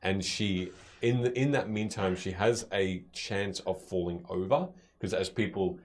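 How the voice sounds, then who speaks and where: A man narrating as game master of a tabletop game, halting and full of fillers and restarts. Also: low voice, a little mellow.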